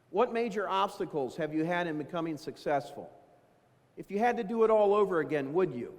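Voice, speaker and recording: Keynote speaker, man in his fifties, folksy and self-deprecating, high-ish voice, large reverberant hall. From Dayton, Ohio. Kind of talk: motivational business talk.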